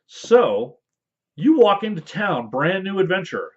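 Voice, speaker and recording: A man's voice: high-pitched, big pitch swings, a little slow. A man in casual talk explaining rules for a tabletop game, rambling with fillers and playful asides. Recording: dull lo-fi audio.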